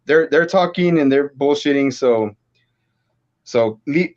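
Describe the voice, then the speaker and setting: A man's voice: medium pitch, measured pace, a little mellow, lo-fi sound. A man hosting a podcast, chatting casually and profanely as he retells an anime episode with many restarts. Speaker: podcast host. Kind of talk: casual chat recapping an anime.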